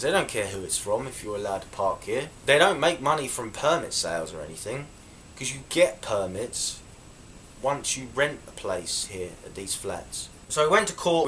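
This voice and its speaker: A young man recounts events straight to camera in a chatty, indignant tone. His voice sits at a middle pitch, and a little background noise can be heard under it. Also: fairly bright tone. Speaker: vlogger. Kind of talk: casual storytelling to camera.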